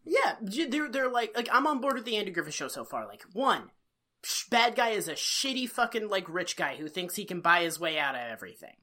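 A woman co-hosting a podcast, casually recapping an episode with profane jokes and quick put-on voices. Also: medium pitch. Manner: profane, joking, animated retelling. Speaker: podcast co-host.

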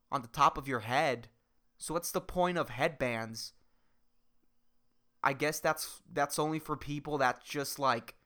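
A man rants through a solo comedy podcast in a bright, cutting voice that sits a little high for a man. His speech is smooth and crisp, loose and rambling, and packed with swearing and jokes. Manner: rambling, profane, jokey. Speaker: podcast host.

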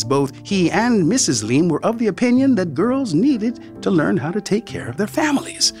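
A man reading a story aloud as narrator, expressive, slowing down and dropping to a near whisper for emphasis. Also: a little high.

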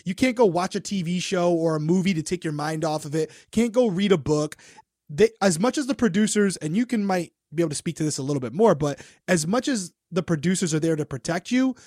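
Give me a male host with a high voice talking in an earnest, reflective way. The recording is dry and close, with no room sound. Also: lively intonation, fairly quick, darkish tone, no echo. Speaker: podcast host. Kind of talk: casual chat.

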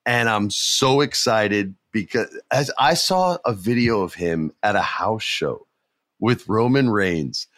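A man, a father, in casual podcast chat, talking excitedly and laughing often. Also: fairly low pitch, slow pace, no room sound, studio quality. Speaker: podcast co-host.

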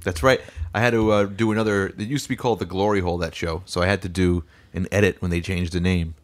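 A man with a low voice co-hosting a casual podcast. He rambles along loosely, stopping to restart his sentences and dropping plenty of ums and uhs. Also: fairly even intonation, quick pace. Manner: rambling, frequent fillers and restarts. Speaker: podcast co-host and musician.

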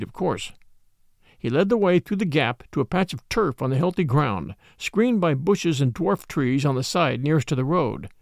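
A man narrating a classic novel in the first person, with expressive, measured storytelling. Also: on the high side, vocal fry, no echo, studio quality. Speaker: audiobook narrator.

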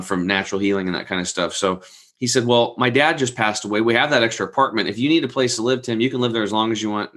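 A guest in his forties, with a lowish voice and a bright, forceful tone, rambles through a personal story during a casual chat. He brings it to life by acting out the people he quotes, with casual swearing mixed in.

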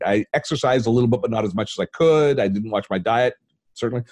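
An older man from Canada, a tech channel host telling a personal story as an interview guest, acting out the voices in his anecdotes. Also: fast talker. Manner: animated storyteller, acts out quoted dialogue with big pitch jumps.

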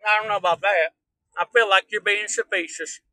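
A man's voice: high-pitched, fairly even intonation, a little fast, bright, forceful tone, no room sound, rough recording. A man with a rural Kansas drawl doing a crude, rambling comedic hillbilly tour-guide act while driving on a live stream. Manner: rambling, crude, mock-folksy joking. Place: inside a car while driving.

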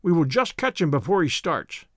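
A keen detective, as a man reads him, crisp and earnest with measured warnings. The voice sits high and moves lively through each phrase, recorded dry and close for an audiobook. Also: dry recording. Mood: earnest, wary. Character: keen, brisk male detective.

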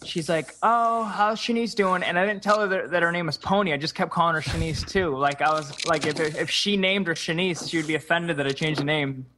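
A man, a guest on a podcast, telling stories in a casual, excitable chat. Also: on the high side, brisk, few pauses, a little hiss or hum.

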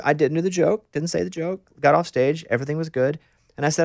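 A man hosting a conversational interview, a fast and animated storyteller who acts out the lines he quotes. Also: on the high side, gravelly, no room sound, clean studio sound.

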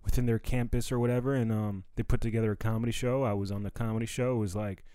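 A man's voice: lowish voice, steady tone, quick pace, warm tone, smooth, no echo. Slangy young man, dry close mic. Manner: loose slangy street talk, lots of fillers and "you know what I mean". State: recovering from bronchitis. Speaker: stand-up comedian and podcast host. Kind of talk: casual solo podcast monologue.

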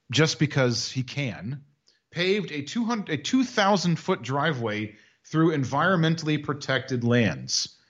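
Guy doing a sarcastic podcast bit, voice bounces all over, kinda dull lo-fi sound. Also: medium pitch. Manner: sarcastic, mocking storytelling. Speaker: podcast co-host. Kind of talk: casual chat.

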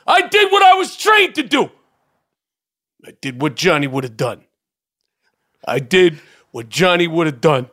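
A man putting on a bitter, traumatized war veteran, lurching from muttering to shouting. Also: on the high side, big pitch swings, unhurried, long pauses, voice pushed down, full character voice. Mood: anguished ranting. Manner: erratic swings from mutter to shouting.

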